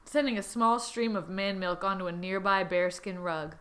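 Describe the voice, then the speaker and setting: A woman podcast host, doing a comedic reading with animated, jokey banter and casual swearing. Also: mid-range voice, moderate pace.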